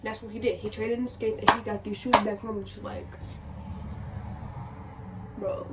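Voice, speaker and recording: A woman vlogger telling a casual storytime in an animated, exasperated way, repeating herself for emphasis. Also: mid-range voice, fast talker. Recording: distant mic with noisy background.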